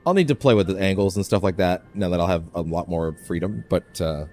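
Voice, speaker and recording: A man's voice: low voice, brisk, hardly any pauses, darkish tone, soft background music. A man casually commenting as he streams a game, rambling and often restarting his phrases.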